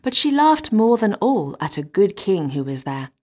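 A woman reading a fairy tale aloud in a measured, expressive manner. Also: medium pitch. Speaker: storyteller.

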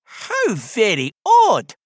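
Man doing a high, soft-spoken Scottish teddy bear, prim and wry, storybook reading, dry close sound. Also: wildly swooping pitch, extremely slow, no room sound, exaggerated voice. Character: old male teddy bear, polite and dry.

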